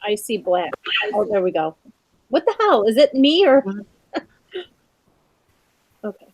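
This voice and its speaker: A woman's voice: mid-range voice, big pitch swings, a little slow, darkish tone, dry recording. A woman hosting a video call chat, teasing her guests and laughing often. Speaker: host. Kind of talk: casual chat. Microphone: computer mic on a video call.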